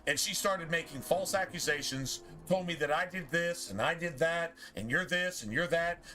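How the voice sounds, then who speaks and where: A man's voice: on the high side, normal speed, pushed and bright, soft background music. A man streaming a game, telling a heated, profane story in casual chat. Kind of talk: ranting chat over gameplay.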